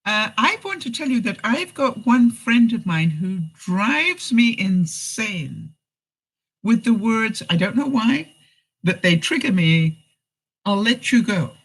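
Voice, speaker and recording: A woman's voice: on the high side, big pitch swings, takes it slowly, slightly rough, low-quality recording. A middle-aged woman vlogger giving life advice in a live chat, telling stories, acting out quoted lines and laughing often. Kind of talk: live-stream chat, reading viewer comments.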